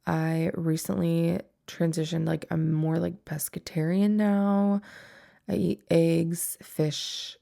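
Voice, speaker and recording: A woman's voice: on the low side, level tone, takes it slowly, gravelly, dark tone. A young woman in her twenties hosting a solo podcast, chatting casually with lots of "like" fillers and frequent laughter. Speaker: podcast host.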